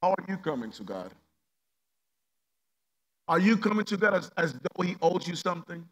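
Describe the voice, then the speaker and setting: A male pastor preaching a sermon with passion, swinging from loud emphatic peaks to hushed low passages and repeating rhetorical questions. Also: big pitch swings, normal speed.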